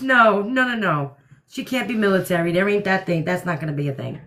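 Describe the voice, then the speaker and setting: A middle-aged woman hosts a casual livestream from home at night, speaking in a mid-range, expressive and somewhat bright voice at a brisk clip. She's blunt and laughs often.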